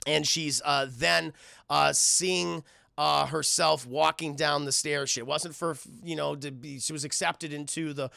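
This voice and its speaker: A man streaming a cartoon review, recapping scenes in a casual, profane way. He sounds animated and keeps talking to his chat. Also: fairly high pitch, a little slow, creaky, dry recording, clean studio sound. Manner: animated, swears a lot, keeps addressing the chat.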